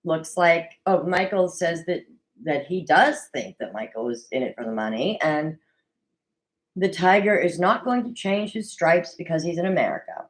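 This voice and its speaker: Solo recap host, woman, lively swooping delivery, slightly low-set voice, chatty and opinionated. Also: moderate pace, poor audio. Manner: chatty, opinionated, animated with mock quoted voices. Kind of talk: casual solo recap commentary. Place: at a desk at home.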